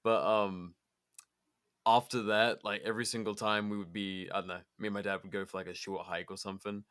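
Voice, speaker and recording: A man's voice: lowish voice, flat delivery, fairly quick, fairly bright tone, smooth. A young man co-hosting a podcast, telling rambling stories in casual chat, swearing freely and laughing often. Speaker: podcast co-host.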